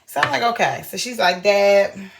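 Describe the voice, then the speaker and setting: Animated young woman telling a story. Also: fairly low pitch, moderate pace, noisy background. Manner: animated retelling, acting out quoted voices. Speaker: vlogger. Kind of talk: casual storytelling vlog.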